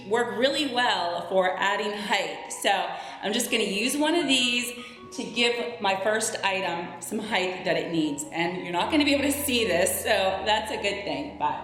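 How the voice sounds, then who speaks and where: A woman chatting upbeat to her viewers as she decorates her home, talking them through each step. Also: medium pitch. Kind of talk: casual decorating tutorial narration. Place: her home living room. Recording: very echoey room with soft background music.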